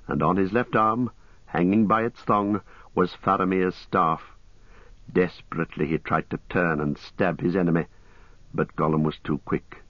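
A man with a very deep voice reads a story aloud in a grave, deliberate manner. He paces the tense passages carefully. The recording is dry, with no room sound, and a dull, lo-fi tone. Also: no room sound. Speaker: audiobook narrator. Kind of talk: scripted dramatic narration.

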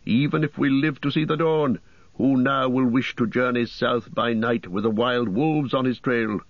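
A man reading the part of a wise old wizard in an audiobook, with a measured, solemn delivery. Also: medium pitch, steady tone, no echo, dull audio, natural voice. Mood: grim. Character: wise old male wizard, grave and commanding.

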